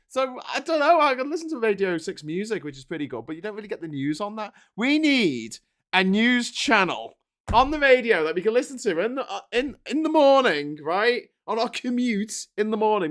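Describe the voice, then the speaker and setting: A man's voice: sits high, a bit bright. A man hosting a casual livestream, talking through the morning papers in a sarcastic, rambling way and laughing easily. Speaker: host.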